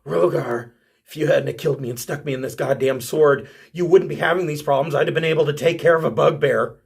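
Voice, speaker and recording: A man voicing a bitter male spirit trapped in a sword, scolding in a fast grumble. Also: a little high, fairly even intonation, creaky. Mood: resentful.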